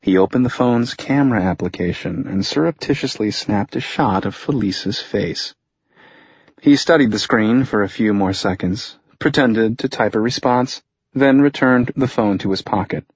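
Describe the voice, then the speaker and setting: Male thriller narrator, measured and dry; low husky voice, muffled close read. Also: dry recording. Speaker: audiobook narrator. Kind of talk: scripted narration.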